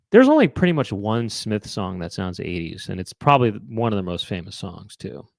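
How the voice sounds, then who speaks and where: A man's voice: on the low side, big pitch swings, normal speed, creaky, no room sound, studio quality. A man hosting a live online chat show, musing aloud to viewers in a rambling way, with many fillers and restarts. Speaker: host.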